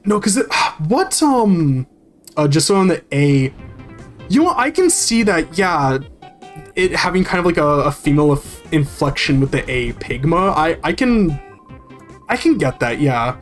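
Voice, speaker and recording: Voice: mid-range voice, sing-song, a little slow. Streamer chatting while gaming, rambles a lot, swears, talks to chat, bit of game music faint behind. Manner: rambling, swears freely, reads and answers chat.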